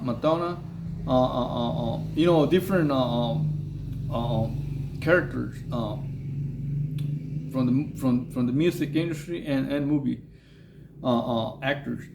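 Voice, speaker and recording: A man's voice: mid-range voice, gravelly, background noise. A man telling a long story in a casual, rambling way, full of slang and fillers. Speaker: vlogger telling prison stories.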